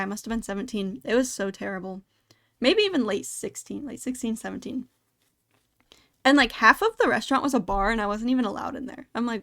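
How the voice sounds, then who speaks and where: A young woman tells a story on her podcast in a chatty, casual way, her voice sitting a little high. She leans on filler words as she talks. The sound is dry and close. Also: no room sound. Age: young adult. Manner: chatty, animated retelling with many "like" fillers. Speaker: podcast host.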